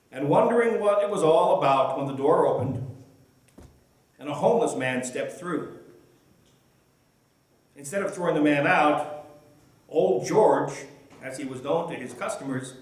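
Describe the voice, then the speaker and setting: A male pastor tells a story in a gentle, measured way as part of a sermon. His voice sits a little high. The recording carries a heavy room echo. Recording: echoey room.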